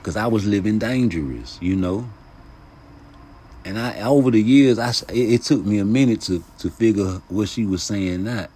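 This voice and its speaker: A man with a low, husky voice rants to camera on his boxing channel. He talks in heavy street slang and profanity. His delivery swings from loud, passionate outbursts to muttered asides. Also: normal speed. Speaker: YouTube boxing commentator. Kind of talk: casual vlog rant.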